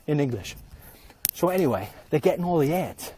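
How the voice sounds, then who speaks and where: A man's voice: mid-range voice, animated, quick pace, pauses often, fairly bright tone, a little hiss or hum. A man vlogging while he walks, rambling through a comic rant with mock-conspiratorial asides. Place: outdoors, walking.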